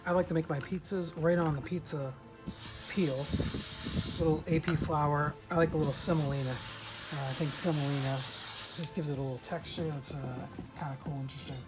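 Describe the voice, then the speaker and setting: A presenter giving a relaxed outdoor cooking demonstration at a pizza oven, often pausing with "uh" and restarting phrases. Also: medium pitch, poor audio. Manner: relaxed, many "uh" fillers and restarts. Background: loud background music.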